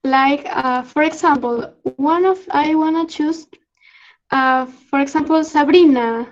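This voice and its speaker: A young Peruvian woman with a Spanish accent, teaching slang in an online lesson, halting with many fillers and frequent laughs. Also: sits high, lo-fi sound. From Peru. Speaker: student exchange presenter. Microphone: video call.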